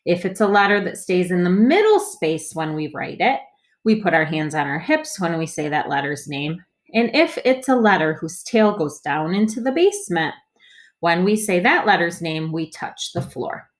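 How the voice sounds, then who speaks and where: A woman teacher leading a phonics lesson for young children, sounding out words slowly and patiently and prompting the listener to read along. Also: lowish voice, expressive. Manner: slow, clearly sounded-out reading with patient prompts.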